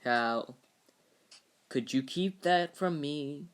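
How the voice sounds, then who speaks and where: A man's voice: on the high side, extremely slow, a bit bright, smooth. A man doing a stammering lonely would-be comedian. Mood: agitated. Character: troubled lonely male aspiring comedian, middle-aged. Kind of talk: parody dub reading of a film script.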